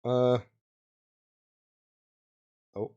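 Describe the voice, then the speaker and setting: A young man narrating a tabletop game as game master, halting with many fillers and restarts. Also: mellow, highs cut off.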